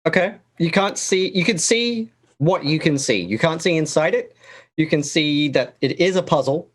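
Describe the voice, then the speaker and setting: A man acting as dungeon master, narrating a tabletop game in a slow, drawn-out descriptive way. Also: on the high side, lively intonation.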